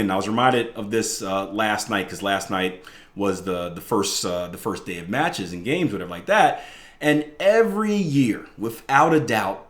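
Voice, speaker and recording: A man hosts a trading podcast in a casual monologue, animated and chatty, tossing in "right?" again and again. His voice sits at an ordinary middle pitch. The sound carries a roomy echo. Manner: animated storyteller, keeps tagging "right?". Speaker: trading coach podcast host.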